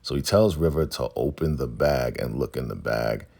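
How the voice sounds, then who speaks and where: A man with a very low, gravelly voice talks through an episode recap in a loose, casual way. His tone is husky rather than clean, and he jumps into the characters' dialogue as he goes. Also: a little mellow. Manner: retells scenes with quick quoted dialogue and laughs. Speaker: recap host.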